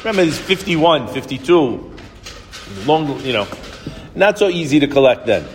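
A man telling a story as a Torah lesson to a small group, lively and often restarting his phrases. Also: fairly high pitch, normal speed. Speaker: Torah teacher. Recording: reverberant room with faint noise.

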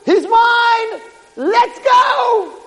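A man voicing a gleeful male Satan who shouts and gloats as he claims a soul, recorded in an echoey hall. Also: very high voice, animated, very slow, voice pushed up, exaggerated voice. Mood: gloating. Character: gleeful male Satan, prosecutor grabbing souls.

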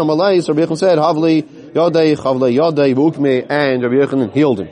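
A man gives a Talmud lesson to listeners in a study hall, his voice a little high and warm. He reads the Aramaic slowly and then lays it out in plain English, occasionally losing track and restarting.

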